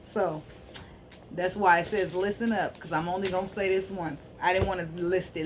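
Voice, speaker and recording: A woman's voice: fairly low pitch, fairly even intonation, fairly quick, noisy background. A woman giving a casual tarot reading to camera, emphatic and blunt, and she keeps checking in with "okay?". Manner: blunt, sassy straight talk. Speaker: spiritual card reader.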